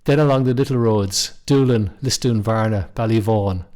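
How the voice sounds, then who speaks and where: Middle-aged male storyteller; steady, measured reading, low register. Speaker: narrator.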